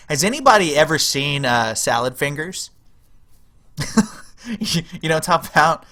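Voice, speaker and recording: Giggly young man with a lively, bright voice. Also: fairly high pitch, measured pace. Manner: giggly, rambling, chats with viewers. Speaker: streamer playing a strategy game. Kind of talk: casual livestream commentary.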